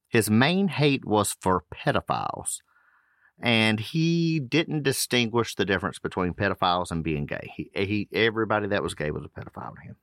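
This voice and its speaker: A man's voice: low-pitched, a bit bright, dry recording, clean studio sound. A man hosting a podcast, reading case notes aloud with loose casual asides. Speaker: podcast host.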